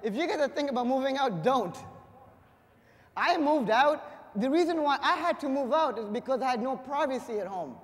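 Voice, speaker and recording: Young male stand-up comic, very high voice, punchy energetic delivery, long hall reverb. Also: normal speed. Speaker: stand-up comedian. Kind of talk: stand-up comedy set. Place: live comedy stage before an audience.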